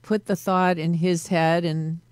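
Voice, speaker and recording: A woman's voice: lowish voice, level tone, a little slow, darkish tone, no echo. A woman hosting a talk show, encouraging her guest with eager follow-up questions. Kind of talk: casual interview chat.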